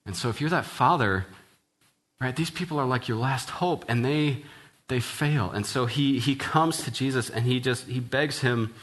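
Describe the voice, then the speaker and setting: A man's voice: mid-range voice, normal speed. A man, a church minister, preaching an earnest, conversational sermon, often checking in with "right?" and restarting his sentences. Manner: casual, frequent "right?" tag questions and restarts; earnest, ends in quiet prayer.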